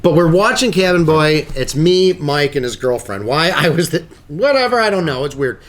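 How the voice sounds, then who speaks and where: Man, casual podcast chat, animated, higher voice, laughs a lot. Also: moderate pace. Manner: animated storyteller, laughs often. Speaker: podcast co-host.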